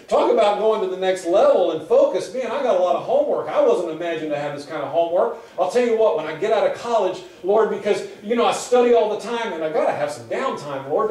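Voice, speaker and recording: A pastor preaching a sermon in a conversational, repetitive storytelling way. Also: male voice, high voice, sing-song, brisk, few pauses, a little mellow. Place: church sanctuary. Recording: echoey hall from far off.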